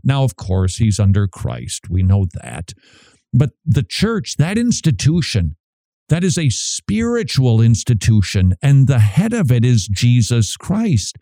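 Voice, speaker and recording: A man's voice: mid-range voice, sing-song, unhurried, mellow, no room sound. A man from Minnesota hosting a show, giving a casual Bible talk and asking and answering his own questions. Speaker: podcast host.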